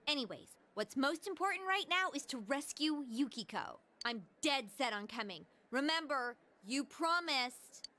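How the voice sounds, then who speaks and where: A spirited, tomboyish teenage girl speaks in a high, bright voice for a video game. She is earnest and direct, and her lines have a polished game-acting delivery. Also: animated, measured pace, hardly any pauses, slight background noise, heavily acted.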